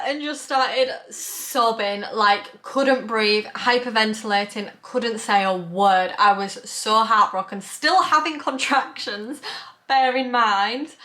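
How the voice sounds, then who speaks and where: Young woman vlogger, bright forceful voice, chatty and animated storytelling. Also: on the high side. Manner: chatty, animated, lots of "like" and "bless her". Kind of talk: casual storytelling to camera.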